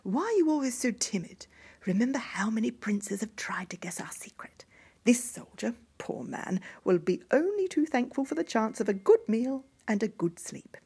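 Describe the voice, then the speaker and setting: A woman voicing an eldest princess who soothes and gently scolds her little sister. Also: fairly high pitch, big pitch swings, moderate pace, breathy edge, voice pushed up, exaggerated voice. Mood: soothing.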